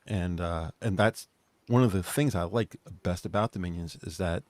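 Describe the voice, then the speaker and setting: Co-host type: low-voiced man, easygoing rambler, dry sound. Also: normal speed, darkish tone, no room sound. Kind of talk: casual online group chat.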